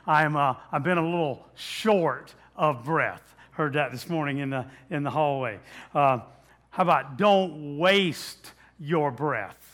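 A man's voice: a little high, pushed and bright. A man preaching a sermon as pastor, in a conversational way with many fillers and restarts, asking the audience questions.

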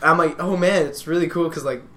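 A man's voice: a little high, brisk, bright, forceful tone, a little hiss or hum. A man from Canada co-hosting a podcast, telling rambling stories in casual chat with friends. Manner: rambling storyteller, lots of fillers. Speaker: podcast co-host.

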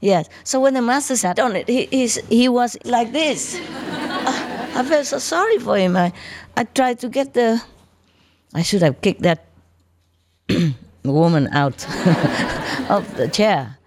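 A woman's voice: on the high side, expressive, slow pace, long pauses, background noise. A woman spiritual teacher telling chatty stories to her disciples, laughing often and showing things with her hands. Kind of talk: casual storytelling talk to disciples.

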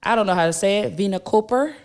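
A person from Milwaukee hosting a casual wine tasting, easygoing and quick to laugh. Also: mid-range voice, darkish tone, clear, resonant tone. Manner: laid-back, laughs easily, reads out ratings. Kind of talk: casual chat.

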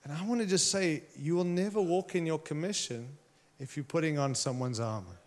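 Pastor, male, preaching an emphatic, passionate sermon in a slightly higher voice. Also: brisk. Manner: impassioned, emphatic preaching with direct challenges to listeners.

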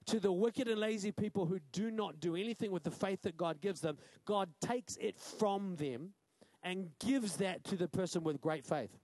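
Kiwi pastor guy preaching, high voice, keeps going "right?", dry close sound. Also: normal speed, darkish tone, dry recording. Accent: New Zealand. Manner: punchy, asks the crowd "right?" often. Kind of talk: sermon.

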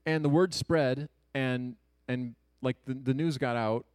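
Recorded dry, a man in his thirties from Ohio relates a personal story to an audience in a mid-range voice. His tone stays earnest and casual, punctuated by quick quips and low asides.

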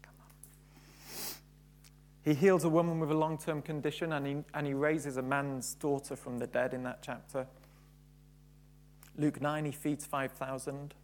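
A man's voice: medium pitch, a little mellow, slight background noise. A man preaching a sermon, building to fervent emphasis and repeating key phrases.

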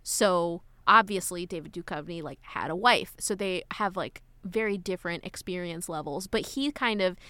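A woman's voice: lowish voice, normal speed, hardly any pauses, dry recording. A young woman co-hosting a podcast, gushing and recapping a movie in casual chat, acting out quotes as she goes. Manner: animated, gushing, acts out quotes. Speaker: podcast co-host.

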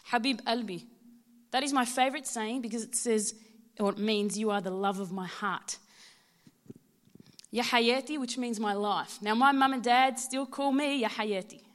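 A woman in her thirties with an Australian accent, giving a prepared personal testimony at church in a heartfelt, measured way. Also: a little high. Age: 30s.

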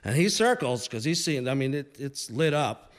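A man's voice: medium pitch, very animated. Humorous older male storyteller. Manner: humorous, conversational, with pauses and restarts. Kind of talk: live storytelling to an audience.

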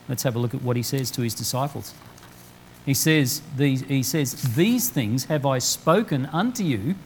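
A man preaching a sermon, slowing down to quote scripture word by word with emphasis. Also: mid-range voice, gravelly, slight background noise, poor audio. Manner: emphatic, slow deliberate quoting of scripture. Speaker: pastor. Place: church.

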